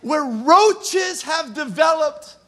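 A man, animated and self-mocking as he acts out funny stories. He breaks into shouts and laughs while addressing a live congregation in a church auditorium. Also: very high-pitched, slow, a little hiss or hum. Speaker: pastor. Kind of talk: humorous sermon storytelling.

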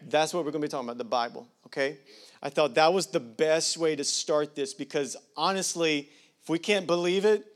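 A man's voice: on the high side, a little fast. A man preaching a sermon as pastor, talking casually with digressions and leaning hard on statistics. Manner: conversational, digressing, emphatic on numbers.

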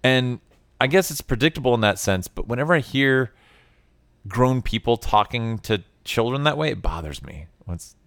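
A man's voice: mid-range voice, lively intonation, normal speed, fairly bright tone, no echo. A man co-hosting a casual film podcast. He is blunt and opinionated and swears freely as he chats. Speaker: podcast co-host.

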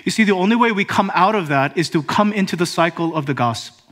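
A male pastor preaching a sermon, speaking with pauses and rising emphasis. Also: high-pitched, lively intonation, fairly bright tone.

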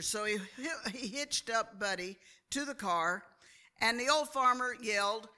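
A woman preaching a sermon in a slow, deliberate way, often calling for an amen from the listeners. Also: a little high, sharp tone, clear, resonant tone. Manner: slow, deliberate delivery, calls for amens. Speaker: church speaker.

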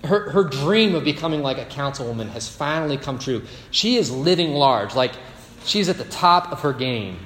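A man's voice: fairly high pitch, animated, normal speed, fairly bright tone. A male pastor preaching a sermon, telling stories and tossing in rhetorical asides. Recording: echoey hall with faint ambience.

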